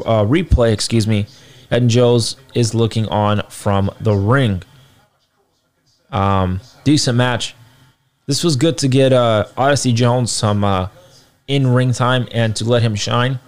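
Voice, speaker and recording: A man's voice: medium pitch, a little mellow. A young man giving a casual, slangy spoken recap of a wrestling show, often checking in with listeners. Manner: loose slangy talk with fillers, asks listeners for agreement.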